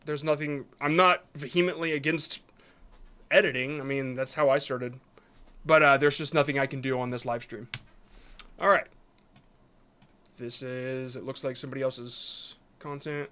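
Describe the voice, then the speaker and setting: A man's voice: mid-range voice, steady tone, moderate pace, pauses often, pushed and bright, smooth. A man hosting a live stream, reviewing viewers' short videos in casual commentary that is hesitant and apologetic, with many restarts.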